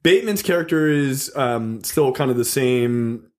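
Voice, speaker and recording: Animated, swearing podcast man. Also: medium pitch, unhurried. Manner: animated storytelling, swears freely, acts out scenes. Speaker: podcast co-host. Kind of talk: casual chat.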